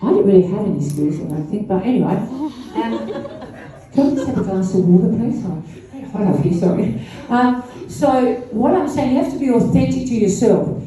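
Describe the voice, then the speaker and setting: This older woman addresses a launch event audience as a guest speaker, her talk rambling and chatty, with laughs between asides. Her mid-range voice is expressive and dark-toned at a moderate pace, captured far off in an echoey room.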